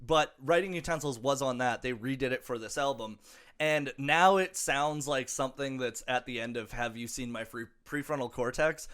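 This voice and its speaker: Young man, podcast co-host, smooth clear voice, loose profane chat, many fillers. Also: mid-range voice, moderate pace, a bit bright. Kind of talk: casual chat about music.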